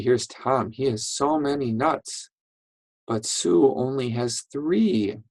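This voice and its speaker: Slow, patient reading teacher. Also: medium pitch, a little mellow, husky, dry recording, rough recording. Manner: patient, encouraging, checks in with "right?" and "okay?". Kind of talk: online reading lesson for first graders.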